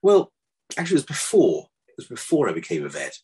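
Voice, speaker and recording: An older man, a vet, telling stories from his past in a relaxed interview, with dry self-deprecating humour. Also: medium pitch, fast talker, breathy edge. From England. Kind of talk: casual interview chat.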